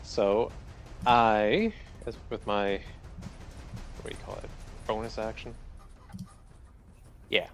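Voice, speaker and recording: Low-voiced man thinking aloud at the table. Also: steady tone, faint music behind. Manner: halting, thinking aloud over game rules. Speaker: player. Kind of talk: casual table talk.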